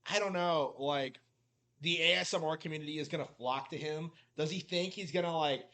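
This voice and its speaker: A man's voice: fairly high pitch, a little fast, pushed and bright. A man giving mocking reaction commentary, talking loosely and filling his sentences with "like". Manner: mocking, heavy use of "like" fillers. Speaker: commentary YouTuber.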